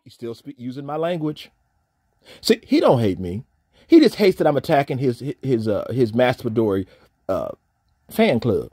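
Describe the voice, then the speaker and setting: Man, profane livestream rant, taunting, mumbled lows and shouted highs. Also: sing-song, unhurried. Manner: profane, taunting, swings from low mutter to loud shouting. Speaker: streamer pastor. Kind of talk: ranting livestream monologue.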